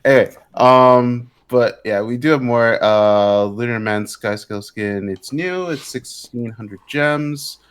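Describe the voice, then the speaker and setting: A man's voice: mid-range voice, takes it slowly, hardly any pauses, clear, resonant tone. A young man co-hosting a casual gaming podcast, rambling with fillers and catching his own slips. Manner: rambling, full of fillers and self-corrections. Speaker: podcast co-host.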